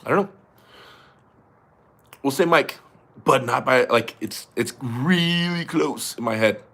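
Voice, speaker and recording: A man's voice: medium pitch, slow pace, fairly bright tone. A young man hosting a casual livestream, reading viewer comments in a laid-back way, laughing often and swearing casually. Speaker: livestream host.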